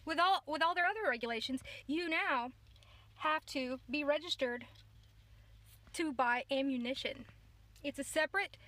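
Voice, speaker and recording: A political vlogger talks casually to the camera for her viewers in a high, bright voice with a forceful tone, with slight background noise. She's indignant and rambling, often restarting her sentences to correct herself.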